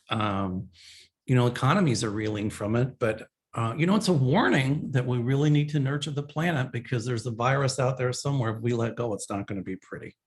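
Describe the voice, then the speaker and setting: A man hosting a psychic show, answering viewer questions in a rambling, casual monologue full of fillers. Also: mid-range voice.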